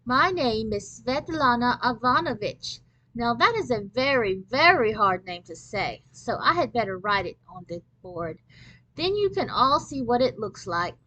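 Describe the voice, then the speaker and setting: A bright, sing-song young substitute teacher, put on by a woman reading a storybook aloud. She speaks slowly and carefully, lifting her voice high and a little louder as if talking to small children. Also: sing-song, heavily acted, low-quality recording. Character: young cheerful female substitute teacher, gentle.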